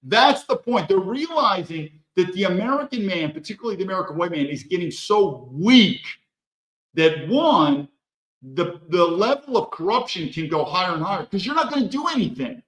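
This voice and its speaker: A man's voice: high-pitched, very animated, moderate pace, a bit bright, echoey room, poor audio. A man hosting a solo political monologue, talking emphatically with blunt, profane language and a string of rhetorical questions. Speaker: political commentary host.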